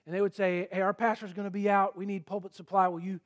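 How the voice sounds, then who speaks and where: A middle-aged male pastor preaching a sermon in an earnest, emphatic way, rising to forceful peaks. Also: sits high, level tone, fast talker.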